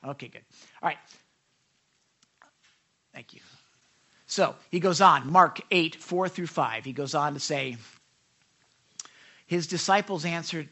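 A man's voice: on the high side, unhurried, pauses often, bright, forceful tone. A man preaching a sermon, talking conversationally, asking the congregation questions and acting out quoted voices. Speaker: pastor.

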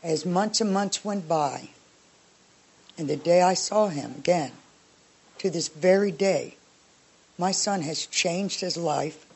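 Soft-spoken woman, earnest testimony, halting delivery. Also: lowish voice, creaky, breathy edge. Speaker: congregation member sharing a testimony. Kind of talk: personal testimony.

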